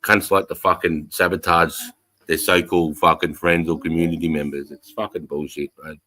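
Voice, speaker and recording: A man's voice: sits low, little pitch movement, normal speed, sharp tone. An Australian man hosting a casual livestream chat, ranting with heavy swearing. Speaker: livestream host.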